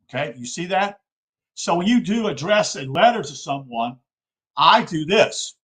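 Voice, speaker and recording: A man's voice: fairly high pitch, lively intonation, a little slow, a bit bright, breathy edge, rough recording. A man from South Carolina giving an informal, earnest spoken lecture, often checking in with his listeners. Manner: earnest, addresses listeners as folks, frequent okay checks.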